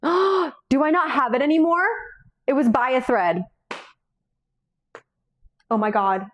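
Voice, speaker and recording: A young woman talks through her bookshelf in a loose, rambling chat, her voice a little high. She swears freely and breaks into laughter often. She sounds tearful and shaky. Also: slow pace, fairly bright tone. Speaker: book vlogger. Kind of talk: casual chat.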